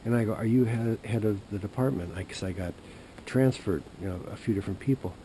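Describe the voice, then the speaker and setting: Low-voiced man rambling outdoors. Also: quick pace, a little hiss or hum. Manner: whispers at times, then grows loud and animated retelling a phone call. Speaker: outdoor show host. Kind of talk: rambling storytelling to camera. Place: outdoors by a creek.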